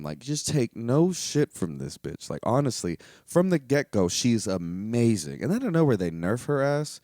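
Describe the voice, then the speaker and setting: The man hosting this podcast rambles casually and comically, profane and lively, with lots of filler words. He speaks at normal speed with few pauses, his voice on the low side, in a dry, studio-quality recording.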